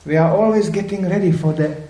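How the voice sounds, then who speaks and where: Animated older man lecturing in an echoey room. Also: high voice, brisk. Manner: animated storytelling, acting out voices in quotes. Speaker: spiritual teacher.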